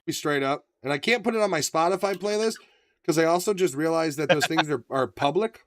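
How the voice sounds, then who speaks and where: A man co-hosting a podcast, chatting casually, profane and animated, often acting out voices. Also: fairly high pitch, a little fast, no echo. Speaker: podcast co-host. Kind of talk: casual banter.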